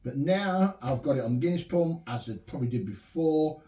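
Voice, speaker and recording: A man's voice: fairly high pitch, normal speed, recorded from a distance. Chatty man in an echoey shed bar. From England. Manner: relaxed, chatty, enthusiastic. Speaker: home brewer reviewing beer kits. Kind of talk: casual chat. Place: home pub shed bar. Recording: echoey room, mic some way off.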